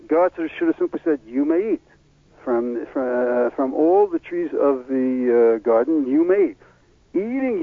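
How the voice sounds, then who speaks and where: Halting male lecturer on tinny radio. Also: mid-range voice, no echo. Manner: halting, with many fillers and restarts. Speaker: religious teacher. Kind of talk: explanatory lecture. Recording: tinny phone-line radio audio.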